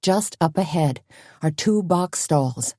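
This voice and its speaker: A woman voicing a calm, steady woman sleuth in an audiobook, speaking in a low-key, reassuring way. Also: slow pace, no room sound, studio quality, heavily acted. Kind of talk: audiobook character voice.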